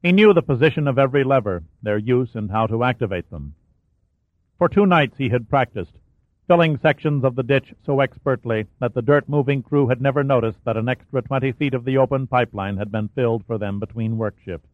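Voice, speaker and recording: A man narrating a thriller audiobook in a steady, dramatic storytelling voice. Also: mid-range voice, a little fast, dry recording. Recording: dry, tinny phone-like sound.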